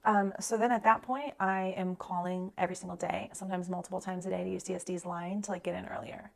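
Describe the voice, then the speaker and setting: A woman in her thirties telling a personal story in a rapid, conversational way, full of "like" fillers. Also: on the low side, fairly even intonation, gravelly.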